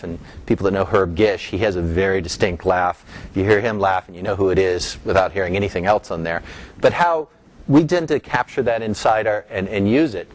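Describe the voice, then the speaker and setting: A middle-aged man giving an academic lecture, explaining step by step and lifting his voice on key terms. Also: lowish voice. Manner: explanatory, rising emphasis on key terms, some restarts.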